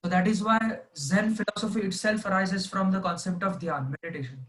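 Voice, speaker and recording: High-voiced man explaining with fillers. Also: fairly even intonation, a little fast, a bit bright, poor audio. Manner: explanatory, agreeable, hesitant fillers. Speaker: discussion participant. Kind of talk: casual group discussion.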